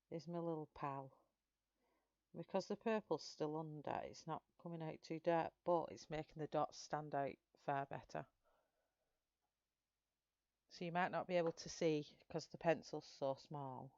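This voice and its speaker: A woman's voice: low voice, a little slow, creaky, pauses often, darkish tone, no echo, lo-fi sound. A middle-aged woman chatting casually with viewers while she colours live, rambling from one story to the next. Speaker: colouring channel host.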